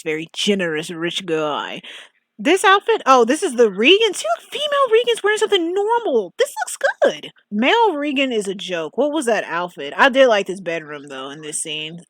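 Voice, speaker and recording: A woman's voice: on the low side, lively intonation, brisk, a bit bright, dry recording. A woman giving casual, opinionated commentary on a story game, blunt and often exasperated. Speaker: game reviewer.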